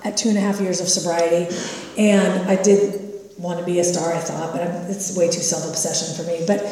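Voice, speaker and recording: A woman in her fifties from California shares her story with a recovery meeting, candid and self-mocking. Her voice is mellow and warm. It echoes around a big hall, picked up from far off. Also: mid-range voice. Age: 50s.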